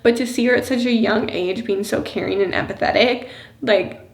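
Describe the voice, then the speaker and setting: A woman talking casually to the camera as a vlogger and mother of a young child. She rambles with lots of fillers and laughs softly between thoughts. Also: fairly high pitch, moderate pace, creaky. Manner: chatty and rambling, many "like" and "you know" fillers. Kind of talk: casual personal vlog talk. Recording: roomy echo.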